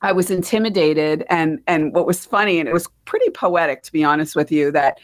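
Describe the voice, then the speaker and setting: A woman's voice: low-pitched, fairly quick. A middle-aged woman with a New Jersey accent, hosting a podcast in casual, rambling chat and laughing often. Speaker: podcast host.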